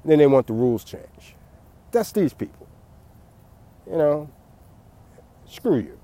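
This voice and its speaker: A man's voice: a little high, animated, moderate pace, mellow. A man giving a late-night rambling monologue, repeating words and laughing at his own jokes.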